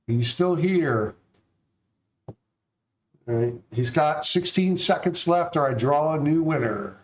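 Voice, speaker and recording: A man's voice: mid-range voice, measured pace, rough recording. A man hosting a live stream, talking casually and rambling with plenty of fillers. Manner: relaxed, rambling, lots of fillers. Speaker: stream host.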